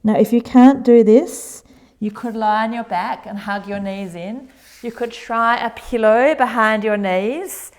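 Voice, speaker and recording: A woman in her forties teaching a yoga routine, gentle and encouraging with chatty asides. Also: mid-range voice. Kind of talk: guided exercise instruction.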